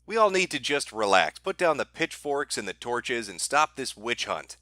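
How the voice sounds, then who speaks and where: A male stream host with a bright, animated voice that swoops up and down as he needles his guest. He talks in a sarcastic, mocking way, swearing freely. The sound is dry and close. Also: medium pitch, moderate pace, no room sound. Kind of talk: confrontational live-stream talk.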